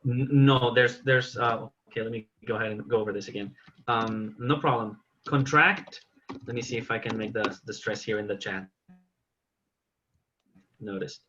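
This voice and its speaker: A man's voice: fairly low pitch, steady tone, moderate pace, fairly bright tone, muffled recording, a little hiss or hum. A man teaching an English class online, patiently correcting his students' examples.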